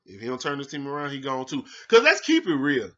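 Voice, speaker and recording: A man hosting a sports show in a casual rant, heated and profane, swinging from low mutters to loud outbursts. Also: wildly swooping pitch, fast talker, muffled recording.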